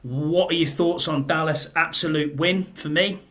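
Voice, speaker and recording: A British man from the north of England hosting a casual sports podcast; chatty, he drops low for wry asides. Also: steady tone, moderate pace, a bit bright, a little hiss or hum. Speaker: podcast host.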